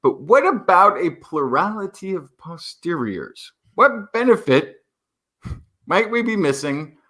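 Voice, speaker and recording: A man co-hosts a science podcast, tossing out jokes and fillers as he sets up the next story. His voice sits fairly high and swings a lot. His tone is bright and forward. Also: a little slow. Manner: animated, jokey, many fillers. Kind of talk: casual science podcast talk.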